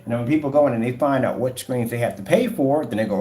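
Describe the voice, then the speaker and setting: In a home room with a projector and a gray wall, a man shows off his projector screen paint in a casual demo. His mid-range voice is warm and fast, and his sales talk is emphatic and rambling. The recording has a roomy echo.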